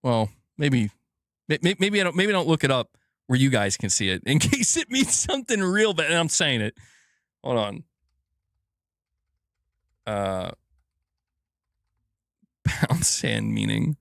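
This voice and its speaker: A young man giving a profane, animated gaming news rant, laughing and talking back to his viewers. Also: medium pitch, unhurried, creaky, pauses often, no room sound, studio quality. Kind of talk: casual ranting commentary.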